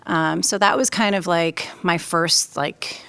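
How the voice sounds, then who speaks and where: A woman's voice: fairly low pitch, fairly even intonation, slow, creaky, fairly bright tone, clear, resonant tone, dry recording. A woman with a slight New York accent, a podcast guest telling candid stories with frequent laughter and salty language. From New York, USA. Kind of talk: casual storytelling interview.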